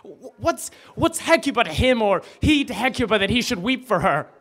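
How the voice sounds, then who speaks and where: A man's voice: high-pitched, big pitch swings, normal speed, pitched above the performer's own voice, heavily acted. A man reciting as brooding Hamlet, volatile. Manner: swings between hushed and loud outbursts. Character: brooding, self-reproaching young male prince. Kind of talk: stage soliloquy recital. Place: bookstore open mic.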